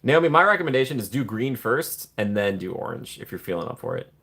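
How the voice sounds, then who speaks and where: A man's voice: mid-range voice, fast. Man, live-stream host, casual chat, reads chat names aloud, friendly and talkative. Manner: friendly, chatty, addresses viewers by name; playful put-on excited voices when joking. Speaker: livestream host reading chat.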